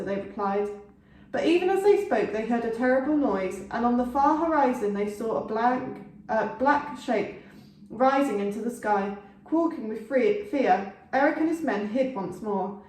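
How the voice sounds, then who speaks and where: A woman teacher reading a storybook aloud to children, expressive, with small slips and corrections. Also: fairly high pitch. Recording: echoey room, distant mic.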